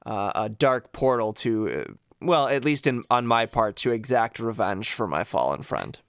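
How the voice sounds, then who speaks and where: A man playing in a tabletop role-playing podcast, recapping events deliberately with occasional chuckles. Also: medium pitch, animated, fairly bright tone, clean tone, no room sound. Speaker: player.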